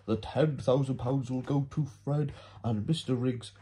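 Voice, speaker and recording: A man's voice: mid-range voice, steady tone, a little slow, dark tone, close to an everyday voice. A man voicing a male solicitor who reads out a will in a formal, announcing way. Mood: official.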